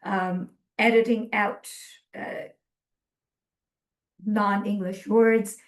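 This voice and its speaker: A woman presenting a webinar lecture from slides, earnest and measured, with frequent ums. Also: medium pitch, little pitch movement.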